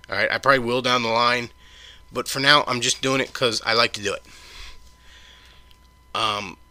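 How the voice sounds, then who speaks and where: A man's voice: medium pitch, pushed and bright, no room sound. A man hosting his own podcast, delivering a heated, profane solo rant full of stumbling restarts. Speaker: podcast host.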